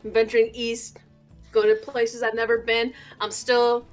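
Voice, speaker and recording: A woman's voice: on the high side, little pitch movement, normal speed, faint music behind. A young adult woman chatting casually as a co-host and telling stories with plenty of fillers, on a home computer mic. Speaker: podcast co-host. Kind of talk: casual chat.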